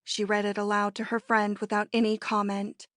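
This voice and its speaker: A woman narrating a classic romance novel as an audiobook in a measured storytelling manner. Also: medium pitch, completely flat delivery, a bit bright, no room sound, clean studio sound. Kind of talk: scripted narration.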